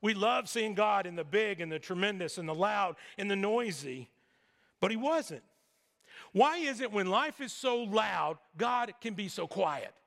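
A man's voice: high voice, lively intonation, measured pace, gravelly, fairly bright tone. A male pastor preaching a sermon in a church, conversational with joking asides. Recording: long hall reverb.

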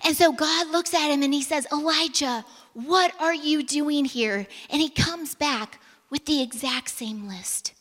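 A woman preaches in a high, bright voice that carries a long hall echo. She tells the story vividly, acts out the dialogue and drops to a near whisper for emphasis. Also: a little slow. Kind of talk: sermon.

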